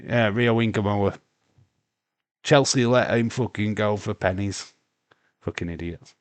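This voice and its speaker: A man's voice: on the low side, unhurried, no room sound. A man with a Yorkshire accent hosting a casual live watch-along stream, swearing freely, reading chat messages aloud and rambling with restarts. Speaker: livestream host.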